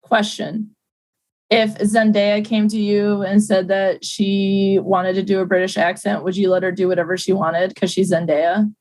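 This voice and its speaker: A woman's voice: mid-range voice, flat delivery, normal speed, darkish tone, rough recording. A woman co-hosting a podcast in casual chat, playful and argumentative, laughing often. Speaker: podcast co-host.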